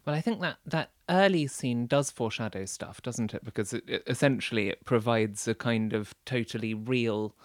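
A man's voice: medium pitch, normal speed, few pauses, no room sound. A man discussing a film in casual conversation, speaking in an articulate, analytical way with some restarts.

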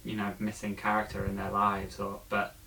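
A man talking casually and thoughtfully about a film, with frequent pauses and fillers. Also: fairly low pitch, monotone, background noise. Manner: thoughtful, hesitant, many fillers.

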